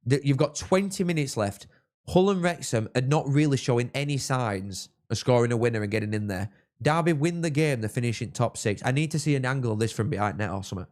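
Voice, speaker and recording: A young man from England, hosting a live football watchalong and chatting with viewers, reacting loudly to goals. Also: medium pitch, expressive, fast talker. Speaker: livestream host.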